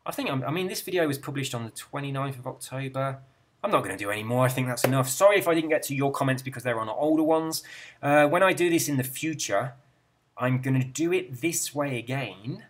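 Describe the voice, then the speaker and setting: An Englishman with an English accent talks in a loose, rambling chat as a gaming host. His pitch jumps around in a lively way, and he is often self-deprecating. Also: brisk. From England. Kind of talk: casual chat reading viewer comments.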